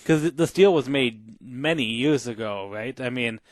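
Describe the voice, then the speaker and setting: A man's voice: medium pitch, a little slow, dry recording. A man co-hosting a casual podcast, hesitant and curious, full of fillers and restarts, on a close studio mic. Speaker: podcast co-host.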